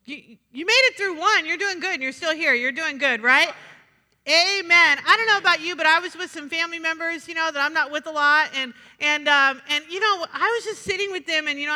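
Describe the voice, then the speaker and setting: A woman pastor preaching a sermon in a lively, chatty way, with asides to the congregation. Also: extremely high pitch. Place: church sanctuary. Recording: reverberant church sanctuary.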